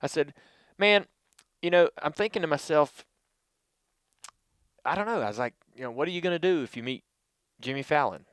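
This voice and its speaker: Smooth-voiced man telling podcast stories. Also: on the high side, normal speed, pauses often, dry recording. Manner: relaxed, rambling storyteller. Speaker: podcast host. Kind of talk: casual podcast storytelling.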